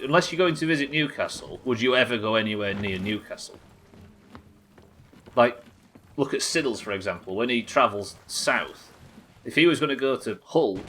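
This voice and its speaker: While playing on stream, an Englishman rambles in easygoing chat and curses without hesitation. He speaks at a medium pitch with a fairly bright tone.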